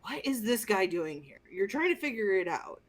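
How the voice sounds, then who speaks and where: A woman co-hosting a casual movie review podcast, telling the story in an animated, exasperated and profane way. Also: mid-range voice, normal speed, a crowd in the background. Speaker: podcast co-host.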